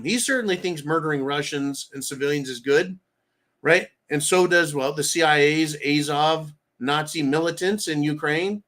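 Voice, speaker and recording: An American man hosting a live stream, ranting loudly with crude insults between reading out donations. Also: fairly high pitch. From United States.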